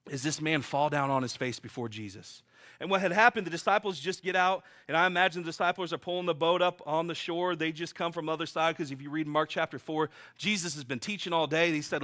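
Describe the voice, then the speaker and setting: A man's voice: on the high side, a little fast, a bit bright. A man preaching a sermon and sharing his own testimony, telling stories in a vivid, earnest, emphatic way.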